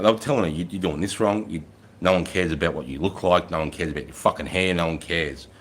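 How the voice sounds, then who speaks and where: A middle-aged man with a somewhat low voice hosts his own livestream, telling army stories in a blunt, swearing-heavy way. He gets much louder and higher when he acts out what he told his soldiers. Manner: blunt and heavily profane, rising loud when quoting himself. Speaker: livestream host, former army sergeant. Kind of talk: casual storytelling livestream.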